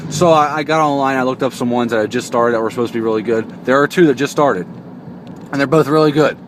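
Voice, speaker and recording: A man's voice: mid-range voice, quick pace. A young man vlogging from behind the wheel, chatting casually and joking, into a phone stuck to the car window. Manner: rambling, joking, self-interrupting. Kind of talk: casual chat to camera. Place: inside a car, driving. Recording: road noise inside a car.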